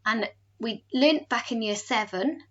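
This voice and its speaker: A woman teacher giving a recorded home lesson, slowly modelling words for pupils to repeat. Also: on the high side, lo-fi sound. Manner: slow, careful modelling of pronunciation. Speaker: French teacher.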